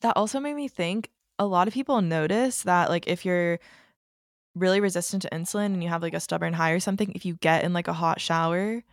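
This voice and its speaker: Young woman, podcast co-host, gravelly, lowish, earnest, practical tips. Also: a little fast, no echo, clean studio sound. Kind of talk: casual chat.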